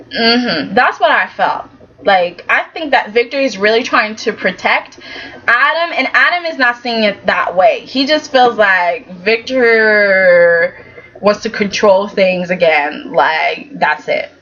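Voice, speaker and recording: A woman's voice: medium pitch, expressive, slow, fairly bright tone, muffled recording. A woman giving a chatty, sassy recap of a soap opera and acting out the characters' lines. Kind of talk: casual recap commentary.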